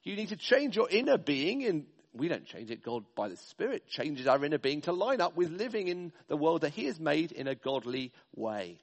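A man's voice: fairly high pitch, very animated, moderate pace, hardly any pauses, in a large hall. A man preaching a sermon, working through slides with emphatic, list-like stresses. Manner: emphatic, speaks in stressed lists.

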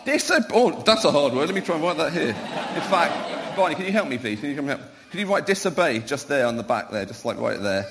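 A man's voice: on the high side, very animated, brisk, background noise. A middle-aged man, a pastor, giving a playful children's talk in church, quizzing the children and calling them up to help. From Wales.

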